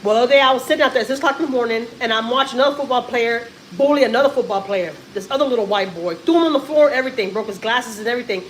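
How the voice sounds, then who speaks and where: A mother in her thirties from Texas, vents on a casual livestream. She talks in an animated, unfiltered way and cusses freely. Her voice sits fairly high over a faint background hum. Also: very fast, hardly any pauses, rough recording. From Houston, Texas. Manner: animated, frequent cussing and laughing. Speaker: vlogger and mother.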